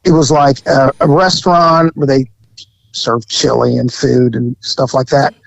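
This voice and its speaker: A man co-hosting a podcast, telling a profane, animated story from his time as a police officer. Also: mid-range voice, unhurried, gravelly, no room sound, lo-fi sound. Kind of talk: casual storytelling chat.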